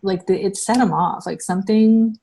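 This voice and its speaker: A woman from the United States telling her own story as an interview guest, halting and full of restarts. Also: mid-range voice, gravelly, mellow, slightly rough. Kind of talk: personal recounting.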